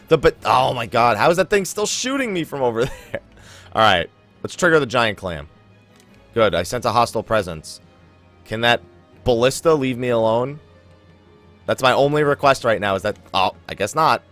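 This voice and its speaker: A young man hosting a let's play, commentating his gameplay in an animated, chuckling, self-mocking way, with faint game music behind him. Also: on the low side, normal speed. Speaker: gaming channel host.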